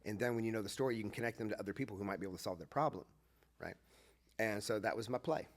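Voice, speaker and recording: A man, a former pastor, telling a story in a casual podcast conversation and acting out the lines of the people in it. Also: lowish voice. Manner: animated, acts out quoted dialogue.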